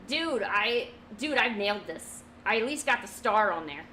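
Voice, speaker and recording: A woman's voice: medium pitch, lively intonation, moderate pace, sharp tone, slight background noise, rough recording. A young woman chatting casually and laughing at herself while she draws, talking to her cat now and then. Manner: giggly, self-mocking, talks to her cat. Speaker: streamer drawing from memory. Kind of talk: casual chat while drawing.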